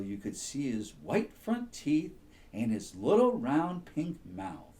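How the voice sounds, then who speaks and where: A man reading a children's bedtime story, slow and soothing. His voice is mellow and dark, and it rises and falls a great deal as he tells the tale. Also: mid-range voice, huge pitch swings.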